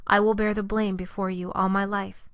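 A woman reading scripture aloud in a steady, measured way, giving quoted speech only a slight lift. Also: medium pitch, clear, resonant tone, no room sound. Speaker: scripture reader.

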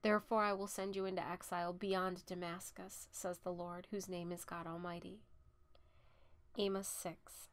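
With a fairly low voice, a woman reads scripture at a steady, measured pace. She gets softer on the speaker tags and louder for the rebukes.

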